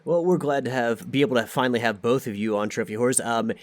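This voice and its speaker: Relaxed male podcast host, dry sound. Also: medium pitch, quick pace, no room sound. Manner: relaxed, loose with fillers, teasing. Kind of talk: casual podcast chat.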